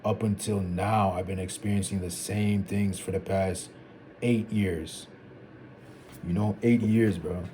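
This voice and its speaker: Young zimbabwean guy vlogging, low mellow voice, rambly and repeats himself, faint hum behind. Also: steady tone, unhurried. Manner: thinking aloud, meandering, repeats phrases. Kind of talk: reflective solo talk to camera.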